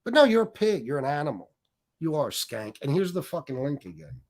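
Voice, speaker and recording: A man's voice: on the high side, sing-song, brisk. A man hosting a livestream, ranting combatively and swearing heavily as he taunts his critics. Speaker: livestream host. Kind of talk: profane livestream rant.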